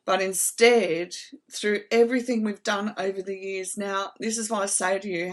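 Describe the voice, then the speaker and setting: Middle-aged woman hosting a healing channel, earnest, slow emphatic talk, heartfelt. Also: mid-range voice. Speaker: trauma recovery channel host. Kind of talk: reflective talk to camera.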